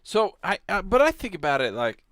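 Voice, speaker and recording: A man's voice: high voice, wildly swooping pitch, a little fast, a bit bright, dry recording, studio quality. An American man co-hosting a casual podcast, rambling in an easygoing way. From United States. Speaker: podcast co-host.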